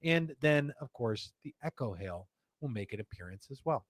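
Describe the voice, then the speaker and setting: A man hosting a live stream, talking in a chatty, rambling and animated way. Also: medium pitch, moderate pace, no room sound. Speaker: host.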